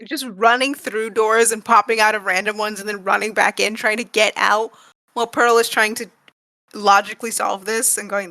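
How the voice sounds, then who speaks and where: A woman co-hosting a cartoon recap podcast, chatting casually and acting out characters' lines with animated energy. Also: medium pitch. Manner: animated, acts out characters' lines in quick bursts. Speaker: podcast co-host. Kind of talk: casual chat.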